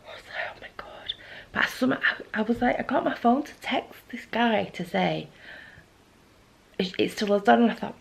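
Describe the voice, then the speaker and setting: Husky-voiced woman telling a story. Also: on the high side, normal speed, rough recording. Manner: gossipy, animated retelling with lots of "I was like". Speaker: vlogger. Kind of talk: casual chatty storytelling to camera.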